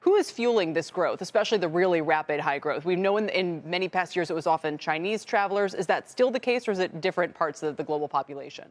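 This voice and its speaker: A woman hosting a live TV business interview, her voice on the low side. She reads her introduction smoothly, then asks short, direct questions in a brisk anchor style. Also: expressive. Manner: brisk, direct questions with scripted lead-ins.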